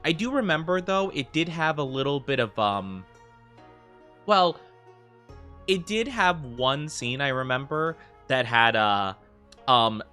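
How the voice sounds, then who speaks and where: A man's voice: mid-range voice, sharp tone. An American man streaming a game, chatting casually and rambling with lots of filler words. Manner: rambling, heavy use of fillers like "like". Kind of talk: casual livestream chat.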